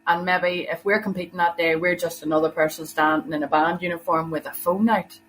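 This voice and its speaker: A woman chats as a podcast guest, explaining her view in a friendly way. Her voice is somewhat low, with faint music playing underneath. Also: fairly even intonation, a little fast, fairly bright tone, rough recording. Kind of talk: casual chat.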